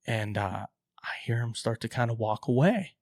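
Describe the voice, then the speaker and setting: A man co-hosting a podcast, excitedly telling a hunting story, acting out his own quotes and swearing casually. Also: mid-range voice, normal speed, no echo, clean studio sound.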